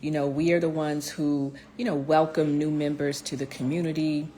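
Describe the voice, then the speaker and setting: A woman addresses viewers head-on with warm encouragement in a motivational vlog, stumbling through plenty of fillers and restarts. She speaks at a moderate pace in a low, dark voice with flat delivery, over a faint hiss or hum.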